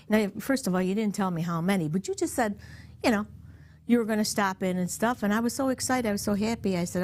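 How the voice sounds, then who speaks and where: A woman's voice: medium pitch, fast. A middle-aged woman from upstate New York chatting on a family podcast, telling stories and acting out the voices of the people in them. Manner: animated storyteller, acts out quoted voices, laughs often. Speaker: podcast guest, host's mother. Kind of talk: casual family podcast chat.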